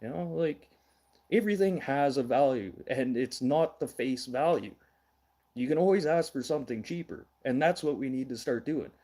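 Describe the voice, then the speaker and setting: A man's voice: medium pitch, expressive, normal speed, dark tone. A middle-aged man from Manitoba, hosting a casual livestream news show, blunt and ranting, swearing now and then. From Manitoba, Canada.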